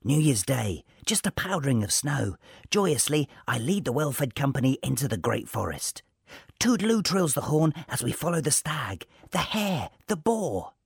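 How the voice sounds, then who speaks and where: Male story reader, raspy tone, swinging pitch, close dry recording. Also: normal speed, no room sound. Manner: lively, storytelling delivery. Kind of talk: scripted narration.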